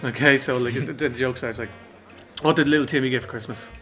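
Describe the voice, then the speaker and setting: A man's voice: mid-range voice, fairly quick, music in the background. A young man, co-hosting a casual podcast and telling long rambling jokes with a giggle. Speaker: podcast co-host.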